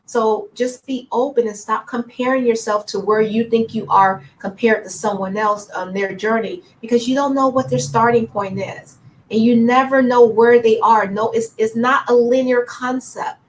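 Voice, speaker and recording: A woman's voice: on the high side, steady tone, moderate pace, poor audio. A middle-aged woman giving spiritual guidance on a live broadcast, talking casually and acting out her own inner dialogue. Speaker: spiritual teacher.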